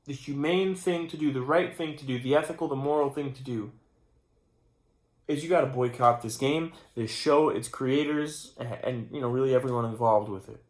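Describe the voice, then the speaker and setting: A man's voice: mid-range voice, normal speed. A tired young man in his channel vlog, rambling through a mock-serious rant late at night and trailing off mid-sentence. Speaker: channel host. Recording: roomy echo.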